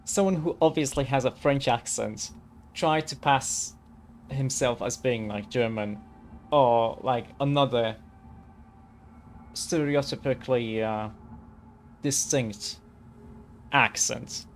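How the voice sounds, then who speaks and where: A man's voice: mid-range voice, slow, long pauses, soft background music. A young man casually commenting over a video game, rambling and thinking aloud with lots of fillers. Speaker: let's play commentator.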